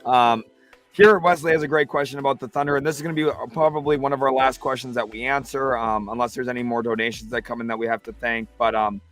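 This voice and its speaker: A man's voice: medium pitch, fast talker. A man hosting a live basketball talk stream, reading viewer comments and breaking down trades. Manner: excitable, reads chat comments aloud. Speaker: livestream host.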